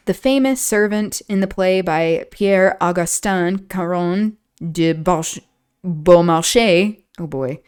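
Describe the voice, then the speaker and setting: A streamer reads a book's introduction aloud in a smooth, clear voice. She sometimes stumbles over a word and starts it again. Now and then she stops to add a casual, chatty comment of her own. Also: medium pitch, darkish tone. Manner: stumbles and restarts on words, laughs at own slips. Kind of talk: reading aloud with casual asides. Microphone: streaming setup.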